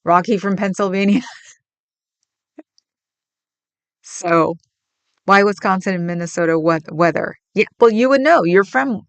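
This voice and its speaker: A woman's voice: lowish voice, clean tone, no room sound. Chatty woman from the Bay Area. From San Francisco Bay Area. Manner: chatty, laughs often, rambling. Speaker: livestream host. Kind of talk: casual chat reading viewer comments.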